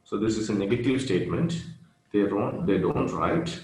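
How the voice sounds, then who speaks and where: A man giving an online grammar lesson, speaking slowly and repeating key phrases with pauses. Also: lowish voice, animated, a little mellow. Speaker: grammar teacher. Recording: roomy echo with faint noise.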